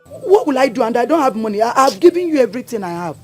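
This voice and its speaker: Brief: actor as a husky, mellow-voiced worried groom, Nigerian accent, faint music. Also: male voice, very high-pitched, very animated, fast talker, exaggerated voice. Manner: complaining, pidgin-laced. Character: broke worried groom troubled by elders.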